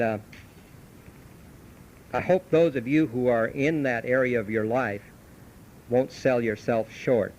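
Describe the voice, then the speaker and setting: A man's voice: mid-range voice, poor audio. A middle-aged man giving a folksy, storytelling recovery talk at a meeting, grown up in Southern California. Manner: folksy storytelling, animated when telling the anecdote. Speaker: AA speaker. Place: meeting hall. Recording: old cassette tape with faint hum.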